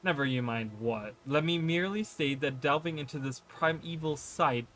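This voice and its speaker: A man's voice: fairly high pitch, moderate pace, fairly bright tone, a little hiss or hum, close to an everyday voice. A man voicing a haughty, rude male wanderer who talks in fancy words, reading the lines aloud and stumbling on long words.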